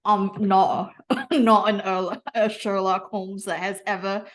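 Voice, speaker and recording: A woman's voice: mid-range voice, little pitch movement, slow pace. A woman player at a tabletop game, playful and self-mocking. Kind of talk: casual table chat.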